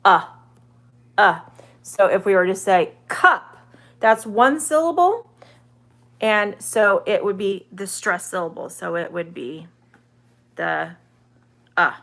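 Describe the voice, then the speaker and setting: Woman, online English teacher, live-stream Q&A, bright tone, slow steady pace. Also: mid-range voice, vocal fry. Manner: chatty, reads viewer comments aloud and answers them; sounds out vowels slowly and carefully.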